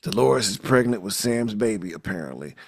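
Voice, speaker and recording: Animated, profane man recapping a movie. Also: lowish voice, brisk, gravelly, slightly rough. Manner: animated, profane, jokey storytelling. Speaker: podcast host.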